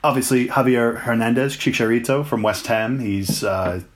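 A man's voice: mid-range voice, normal speed, a little hiss or hum. A man co-hosting a casual sports podcast, previewing national football teams in an easygoing way. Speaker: podcast co-host.

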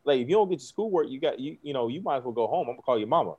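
Animated man telling coaching stories. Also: mid-range voice, racing, husky, muffled recording. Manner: animated storyteller, acts out kids' voices, laughs often. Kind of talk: casual podcast chat.

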